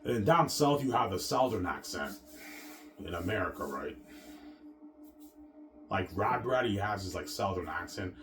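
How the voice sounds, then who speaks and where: A man from Canada rambles through a vlog monologue in a very low voice. He loops back over the same points and lets his sentences trail off into filler words. Faint music plays behind him. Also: lively intonation, normal speed, pauses often. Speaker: vlogger.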